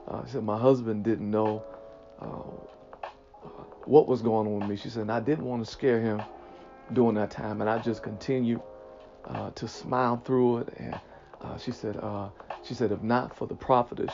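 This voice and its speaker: A man's voice: fairly low pitch, vocal fry, mellow, lo-fi sound. A man preaching an inspirational sermon, retelling a conversation and then building to emphatic encouragement.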